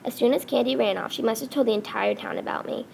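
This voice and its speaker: Halting woman reading her story aloud. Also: a little high, gravelly, darkish tone, a little hiss or hum. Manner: halting, with frequent restarts and self-corrections.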